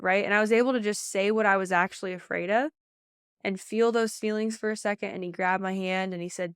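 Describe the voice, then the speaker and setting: A woman speaks as a motivational coach on her podcast. Her voice is smooth and crisp and her pitch sits in the middle range. She talks emphatically, with repeated phrases and many fillers, and the recording is close and dry. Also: fairly even intonation, brisk, dry recording. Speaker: pageant coach and podcast host.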